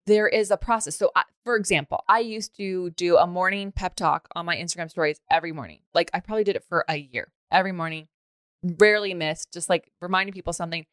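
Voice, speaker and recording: A woman's voice: lowish voice, fairly even intonation, quick pace, a bit bright, no room sound, studio quality. A woman hosting a podcast, chatting casually with a guest, laughing often and swearing freely. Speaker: podcast host. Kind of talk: casual chat.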